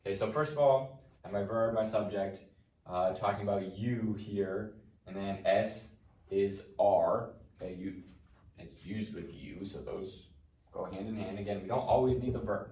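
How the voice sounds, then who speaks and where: A man's voice: fairly low pitch, steady tone, normal speed, a little mellow, recorded from a distance. A man teaching a Latin lesson, walking through translations patiently step by step. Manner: patient, explaining step by step with frequent "okay". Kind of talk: recorded lesson walkthrough. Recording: echoey room, voice off-mic.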